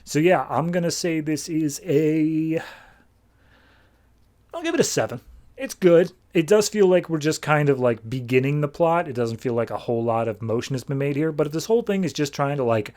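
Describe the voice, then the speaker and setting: A young man hosting a podcast. He recaps comics in a loose, casual way, full of "like," and he sums up characters in quick asides. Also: fairly high pitch, expressive, a little mellow. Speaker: podcast host reviewing comics.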